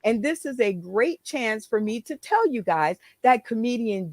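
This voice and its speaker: A woman's voice: a little high, very animated, measured pace, a little mellow. A woman hosting an online comedy show, making playful, upbeat announcements. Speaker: host. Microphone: video call.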